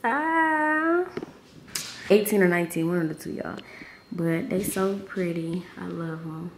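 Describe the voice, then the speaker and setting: A woman's voice: fairly low pitch, a little slow. A young woman, chatting casually to her viewers as a vlogger, talking into a handheld phone. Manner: chatty, addresses viewers as y'all. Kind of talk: casual vlog talk to camera. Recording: noisy phone recording.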